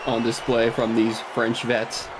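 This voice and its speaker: A man chiming in as color commentator on a wrestling broadcast, mostly brief reactions and wry remarks. A loud crowd roars behind his voice. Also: mid-range voice, completely flat delivery, measured pace, rough recording. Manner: short reactive interjections and quips.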